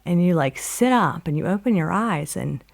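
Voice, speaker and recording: A woman telling a dramatic story in a monologue, rambling with many fillers and swinging from loud outbursts to near-whispers. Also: on the low side, expressive, normal speed, gravelly.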